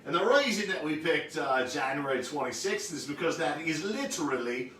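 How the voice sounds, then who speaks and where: A jokey man co-hosts a home cooking show with an animated, swinging delivery. His voice sits a bit high. He is heard from a distance in a roomy, echoing space. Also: moderate pace, a little hiss or hum. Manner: lively and jokey. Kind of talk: casual chat. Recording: echoey room from far off.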